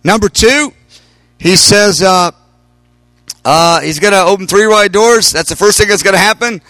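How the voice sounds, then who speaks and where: Animated man telling a long story. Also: high voice, normal speed, no room sound, faint music behind. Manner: animated storytelling, quoting others in raised voice. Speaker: preacher. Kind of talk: storytelling sermon.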